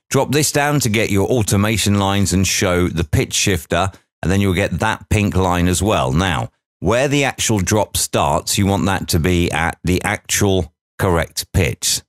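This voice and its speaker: Low-voiced man walking through an edit. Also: no echo, studio quality. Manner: chatty, narrates each step aloud with asides. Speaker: audio producer teaching editing. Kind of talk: software tutorial walkthrough.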